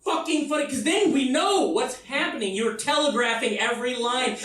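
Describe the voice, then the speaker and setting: An American man telling a profane comic story live on stage, breaking into shouted bits. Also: very high voice, a little fast. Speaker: comedian. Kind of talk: comedic one-man stage show. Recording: echoey live room, mic far off.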